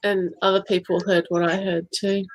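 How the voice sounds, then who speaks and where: A woman's voice: mid-range voice, level tone, normal speed, dry recording. Woman co-hosting a live card-reading chat. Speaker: co-host.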